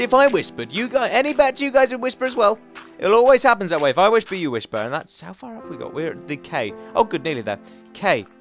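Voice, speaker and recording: Hosting a let's play, a man with a voice on the high side talks and rambles both to himself and his audience. He swings between loud outbursts and quiet muttering.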